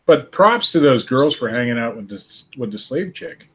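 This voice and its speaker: Man, husky voice, casual podcast chat, wisecracking asides. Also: medium pitch, animated, a bit bright. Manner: wisecracking, quick reactions. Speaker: podcast co-host.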